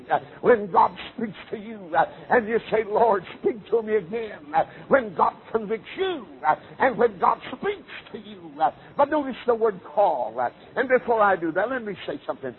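Preacher chanting sermon, tinny audio. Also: male voice, high voice, animated, normal speed. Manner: chanting cadence with an "uh" before nearly every phrase. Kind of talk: revival sermon. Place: auditorium, televised service. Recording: tinny, phone-like broadcast audio.

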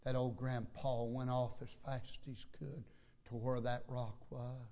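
A man's voice: mid-range voice, level tone, unhurried, dark tone. An older man preaching a sermon and telling a story in a folksy, emphatic way. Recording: lo-fi recording.

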